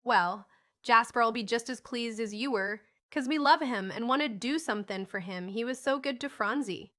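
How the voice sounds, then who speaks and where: A woman's voice: a little high, moderate pace, a bit bright, natural voice. A woman voicing a kind, busy older sister who coaxes her siblings in a motherly, sometimes flustered way in a storybook reading. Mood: coaxing.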